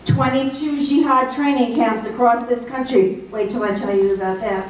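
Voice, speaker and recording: A woman's voice: on the high side, steady tone, normal speed, a little hiss or hum. A woman with a Southern American accent giving a political speech, delivering points emphatically in list-like runs. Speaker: speaker at a political event. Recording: very echoey hall, voice from far off.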